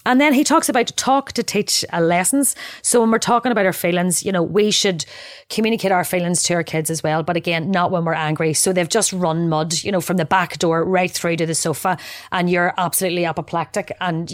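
A middle-aged woman with a fairly low voice talks through parenting advice in a relaxed, chatty way. She slips into quick little voices for parents and kids as she explains. Her voice sounds close and dry, with no room echo. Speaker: podcast co-host discussing parenting. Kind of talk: casual explanatory chat.

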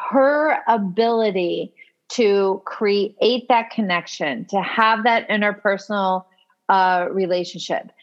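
A woman co-hosts a podcast and tells a personal story with lively energy. Her voice sits at a middling pitch. The audio is a little dull and lo-fi. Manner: animated, acts out quoted speech. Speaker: podcast co-host. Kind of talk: casual storytelling chat.

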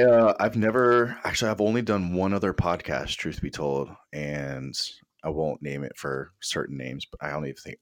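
Deep-voiced profane rambling man. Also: no room sound, clean studio sound. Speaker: podcast guest. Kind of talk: casual chat.

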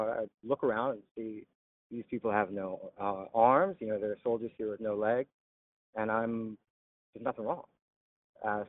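A veteran telling his story in an interview, halting with frequent "uh" pauses. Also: mid-range voice, no room sound. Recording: tinny phone-like line.

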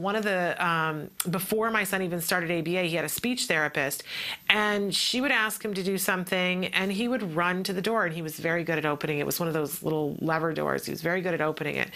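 A woman's voice: lowish voice, pushed and bright. A woman giving casual advice to other parents, telling a story expressively and acting out the people in it. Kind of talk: casual teaching talk.

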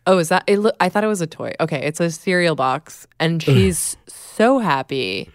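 A woman's voice: lowish voice, lively intonation, moderate pace, dry recording, clean studio sound. A woman co-hosting a podcast, wry and amused, chatting casually and laughing often. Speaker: podcast co-host. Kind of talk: casual chat.

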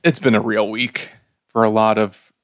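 A man's voice: fairly low pitch, flat delivery, normal speed, dry recording, clean studio sound. A man from Ukraine hosting a casual podcast, upbeat and chatty, laughing easily. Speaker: podcast host.

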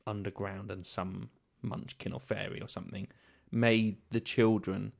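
A man's voice: lowish voice, little pitch movement, a little slow, gravelly. A man co-hosting a podcast, joking around and telling stories in casual chat. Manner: joking, storytelling. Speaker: podcast co-host.

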